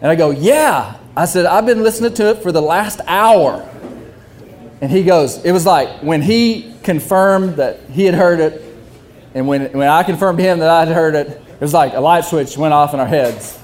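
A young man telling a hunting story, animated and often laughing while he talks. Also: fairly high pitch, normal speed. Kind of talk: casual storytelling.

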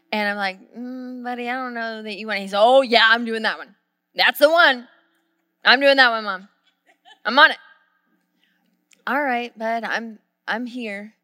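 Woman pastor, sermon, high bright voice, dry sound, hushed to shouting. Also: no room sound. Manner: storytelling, swings from hushed to shouting.

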